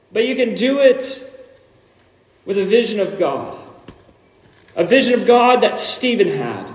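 A high-pitched pastor preaches animatedly in a church sanctuary, pushing toward near shouts and slipping in quick jokes. He sits some distance from the mic, so his voice carries a long hall echo.

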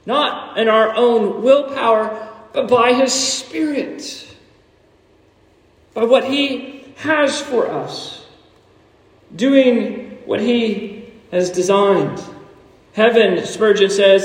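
High-voiced preacher in an echoey hall. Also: male voice. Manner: animated preaching, rising to near shouts, with asides and laughs. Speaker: pastor. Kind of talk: sermon. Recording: echoey hall, distant from the mic.

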